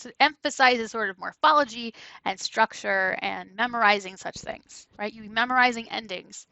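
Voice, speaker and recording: A woman lecturer giving a conversational classroom lecture, often checking in with "right?" and breaking into animated asides. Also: mid-range voice, dry recording, low-quality recording. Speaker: university lecturer.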